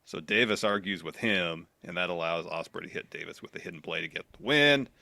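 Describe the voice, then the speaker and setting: A man's voice: low voice, fairly quick, gravelly, no room sound. A man co-hosting a wrestling podcast, telling what happened in the matches step by step. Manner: steady play-by-play storytelling. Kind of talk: recapping matches.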